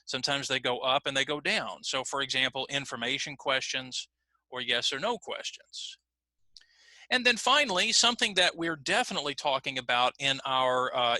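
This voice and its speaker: A man's voice: medium pitch, pushed and bright, no room sound. A man teaching an adult English pronunciation class, explaining patiently and modeling example phrases aloud. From United States. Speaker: ESL teacher. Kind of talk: online English pronunciation lesson.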